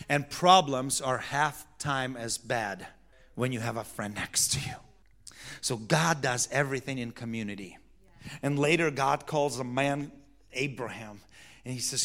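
A man in his thirties with a non-native English accent, preaching a sermon as a pastor, moving between hushed storytelling and fervent, playful exhortation. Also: medium pitch, a little slow. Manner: freewheeling and playful, with laughs and acted-out quotes.

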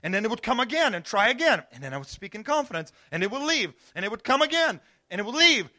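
Male pastor, high bright voice, storytelling sermon that dips to a hush and climbs to shouts. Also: big pitch swings, quick pace. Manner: storytelling, swings from hushed to shouting.

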